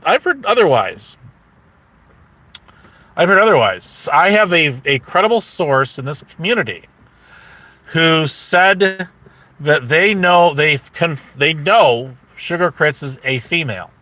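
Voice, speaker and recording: A man's voice: a little high, bright, forceful tone, no room sound. A man ranting casually to his live chat as a stream host, swearing freely and telling a story with mocking impressions. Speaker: YouTube livestream host.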